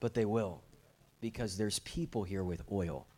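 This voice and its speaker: A man's voice: on the low side, measured pace. A young adult man preaching a guest sermon at a church service, telling stories with light jokes. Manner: animated storytelling with jokes.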